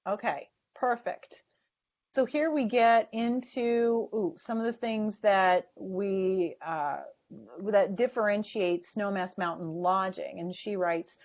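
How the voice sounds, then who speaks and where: Woman, sales trainer, emphatic, mid pitch, dull lo-fi webinar sound. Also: takes it slowly, darkish tone. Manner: emphatic, coaching tone. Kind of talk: webinar coaching. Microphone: video call.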